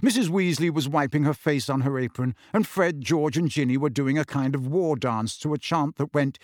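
A man reading a novel aloud as narrator with expressive storytelling. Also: on the high side, moderate pace, hardly any pauses, no room sound, clean studio sound. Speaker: audiobook narrator. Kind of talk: scripted narration.

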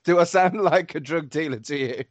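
Man, 40s, wry sweary podcast co-host, mid pitch, dry. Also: normal speed, no room sound. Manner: wry, sweary, self-mocking. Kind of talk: casual chat.

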